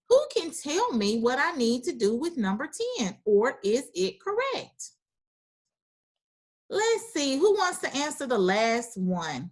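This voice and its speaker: Woman teacher on a video call, encouraging and full of praise, pitch swinging widely, unhurried delivery. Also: big pitch swings. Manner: reads sentences aloud slowly. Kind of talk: online class teaching.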